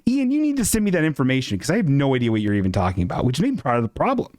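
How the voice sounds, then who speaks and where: Streamer host, male, self-mocking ranter, lively pitch, dry close mic. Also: normal speed, pauses often, smooth, no room sound. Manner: animated, self-mocking, jumps into high squeaky voices for quotes. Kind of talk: casual live-stream rant. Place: apartment.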